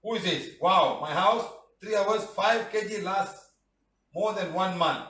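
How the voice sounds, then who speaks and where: A man's voice: high-pitched, a little slow, pushed and bright. A middle-aged man, teaching a live class in a joking, teasing way, reading out viewer comments and ending phrases with "huh?" and "lah". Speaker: healing teacher. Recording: roomy echo, mic at a distance.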